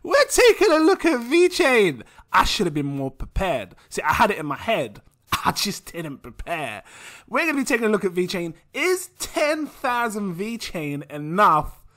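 A man's voice: high-pitched, big pitch swings, normal speed, sharp tone. Giggly british guy rambling on his crypto vlog, voice bouncing up and down. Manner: giggly, scattered, self-mocking. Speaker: crypto vlogger. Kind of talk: casual vlog talk.

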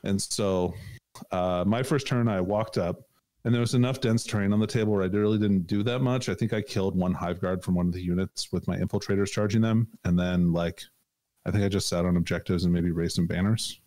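Male podcast co-host, low voice, loose rambling delivery full of ums, laughs easily. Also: fairly even intonation, brisk, warm tone. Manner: rambling, laughs often, many fillers. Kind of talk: casual chat.

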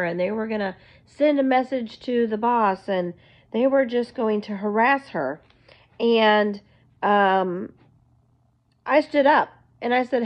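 A woman vlogger at home, telling an earnest, rambling faith testimony to her viewers. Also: a little high. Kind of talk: casual faith testimony to camera. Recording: dull lo-fi recording.

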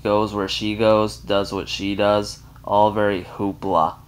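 A man's voice: on the low side, little pitch movement, slow pace, clean tone. A man voicing a jaded, sarcastic woman hostess. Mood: sardonic.

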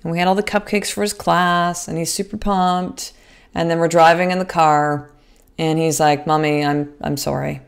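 In a casual monologue, a podcast host speaks with a fairly low, steady, clear, and resonant voice at normal speed. She's earnest and motivational, calls listeners "sister," swears freely, and restarts her sentences.

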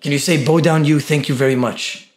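A young man from Brooklyn with a somewhat high voice, talking in brash, teasing street slang as he chats with strangers online. His trash talk comes quick and blunt. The sound is echoey, as if he is in a bare room. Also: fairly even intonation, darkish tone. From Brooklyn, New York. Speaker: streamer chatting with strangers. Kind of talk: casual video chat banter.

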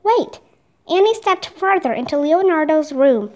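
Woman reader, children's audiobook, high voice, steady. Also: moderate pace.

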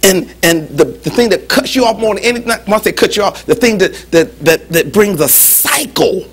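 Man preaching, high voice, very animated pitch, lively and humorous, church sermon. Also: normal speed, slightly rough. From United States. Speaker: pastor.

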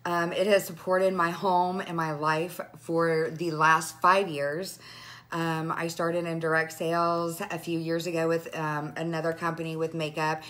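A tearful, overwhelmed woman in her thirties talks straight into a phone camera, gushing and rambling as she shares her news. Her voice sits a little low for a woman, and she keeps breaking off mid-sentence. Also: flat delivery, unhurried, a bit bright. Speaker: direct sales team leader. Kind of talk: emotional live video to followers.

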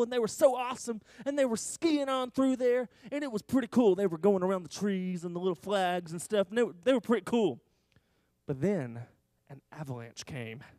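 A high-voiced man gives a children's sermon, drawing out stories with big, playful expression and talking straight to the kids. The sound is close and dry, with no room around it. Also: dry recording. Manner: animated, exaggerated storytelling to kids. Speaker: children's church leader.

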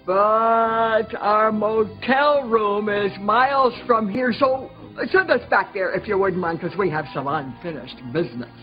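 Brief: actress as giddy theatrical romantic, soap comedy, muffled broadcast with faint music. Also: female voice, mid-range voice, measured pace, hardly any pauses, lightly acted. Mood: eager. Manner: theatrical, gushing, excitable. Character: giddy melodramatic romantic woman. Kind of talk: soap opera comedy acting. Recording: dull broadcast sound with music.

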